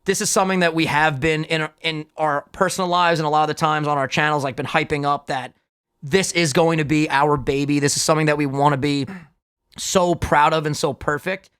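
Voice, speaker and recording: A young man co-hosting a casual podcast, hyped and swearing often in quick banter. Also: a little high, fairly even intonation, fairly bright tone, smooth. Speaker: podcast co-host.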